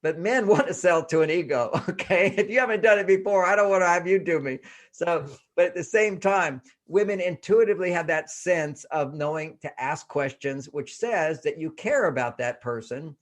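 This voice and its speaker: A man with a somewhat high voice, talking casually as a guest author. He is animated, laughs often, and acts out bits of dialogue as he explains. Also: moderate pace. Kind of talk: casual interview talk.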